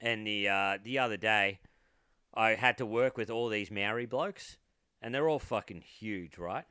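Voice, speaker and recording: A man's voice: fairly low pitch, unhurried, bright, forceful tone, clean tone, no echo, clean studio sound. A man co-hosting a podcast, telling work stories in casual chat, swearing, laughing and asking "right?" often. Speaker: podcast co-host.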